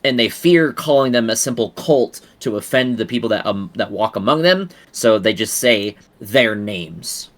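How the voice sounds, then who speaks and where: A man's voice: on the low side, expressive, moderate pace, hardly any pauses. Rambling, casually swearing male game master. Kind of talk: casual tabletop game chat.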